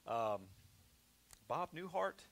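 A male pastor preaching a sermon in a conversational way, repeating himself often and swinging between loud emphasis and hushed, quiet stretches. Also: a little high, expressive, very slow, vocal fry.

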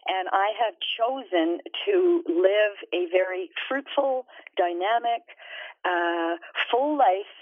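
A woman's voice: medium pitch, slow pace, no echo. A woman guest, an author and minister, speaks earnestly and reflectively about her faith, with many fillers. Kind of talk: faith-based interview talk. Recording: dry, tinny phone-like sound.

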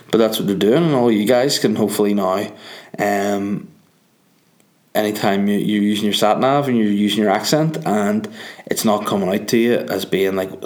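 Sleepy Northern Irish comedian rambling. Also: male voice, fairly low pitch, steady tone, moderate pace. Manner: rambling, joking, swearing freely. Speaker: comedian and podcast host. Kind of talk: casual monologue.

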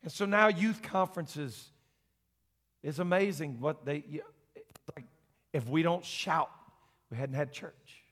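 A middle-aged preacher, folksy and plainspoken, whose sermon moves between quiet talk and loud shouted exhortation. His voice is bright and fairly high, ringing with the long reverb of a church sanctuary. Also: a little slow, pauses often. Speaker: senior pastor. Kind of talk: Pentecostal sermon.

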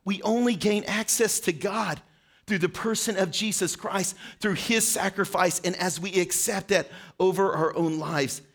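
High-voiced earnest male preacher. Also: a little slow, fairly bright tone. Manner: earnest, questioning, direct address. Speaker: pastor. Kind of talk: short sermon.

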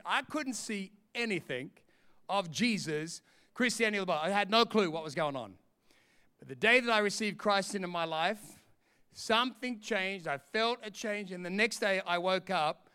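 A man's voice: high-pitched, animated, normal speed, bright, forceful tone, clear, resonant tone. A middle-aged Australian man preaching a sermon as pastor, emphatic and fervent.

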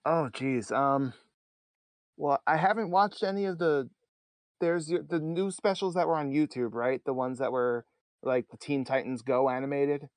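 A man's voice: medium pitch, normal speed, no echo. A man chatting casually as a podcast guest, laughing often and rambling with restarts. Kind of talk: casual chat.

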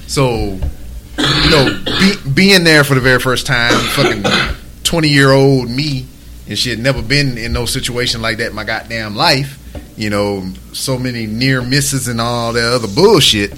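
Host, man in his forties, bright forceful tone, loose and profane. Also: mid-range voice, unhurried, slight background noise. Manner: profane, laid-back storytelling. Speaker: podcast host. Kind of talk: casual chat.

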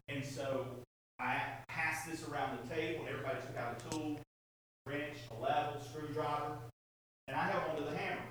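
A man, a pastor, delivering a sermon, moving between relaxed storytelling and impassioned, repetitive emphasis. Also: a little high, heavy reverb, distant mic, noisy background. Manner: conversational storytelling with fillers.

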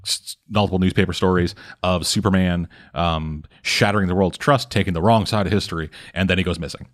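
Low-voiced man, cussing podcast co-host talking through a comic late at night, casual. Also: fairly even intonation. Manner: profane, rambling recap with quick mock voices for characters. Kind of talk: casual chat. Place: home at night, speaking quietly for housemates.

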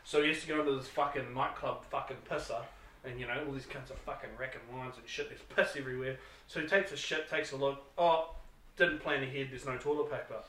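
A man with a New Zealand accent co-hosts a podcast, telling crude, profane stories in a rowdy way with loud, acted-out exclamations. His medium-pitched voice is fast and fairly even in intonation. The room echoes and the mic is set at a distance.

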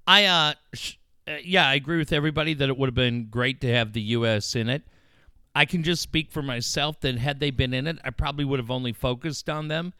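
A middle-aged man hosting a casual radio chat. He gets excited, swears freely and acts out quotes with big jumps in pitch. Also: a little fast, clean tone, dry recording, clean studio sound. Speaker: radio show host.

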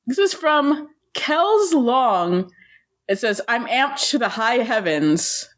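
Woman cohost reading fan reviews out loud, kinda high voice, jokey and teasing. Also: very animated, takes it slowly. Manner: playful, teasing, laughs often. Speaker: podcast co-host. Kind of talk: casual chat, reading listener reviews aloud.

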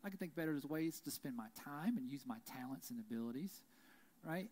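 Male pastor, casual conversational sermon, animated storyteller. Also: on the high side, fairly quick. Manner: conversational, frequent "right?" tags, animated storytelling. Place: church.

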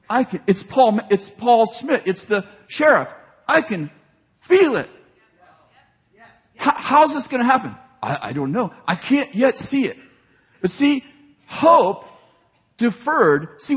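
A man preaching a sermon. He retells scripture in everyday speech and builds to shouted, excited appeals. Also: sits high, husky. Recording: long hall reverb.

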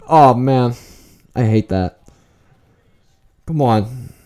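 A man podcasting alone, reacting casually to a live football game as he watches, rambling and excitable, dropping to nervous mutters and jumping to outbursts. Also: fairly low pitch, unhurried. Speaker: solo podcaster. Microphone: talking into a microphone at home late at night.

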